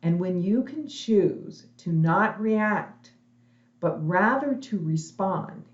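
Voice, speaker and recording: A woman's voice: lowish voice, echoey room, highs cut off. A middle-aged woman giving a direct, emphatic motivational webinar talk as a conference speaker. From lives in Texas.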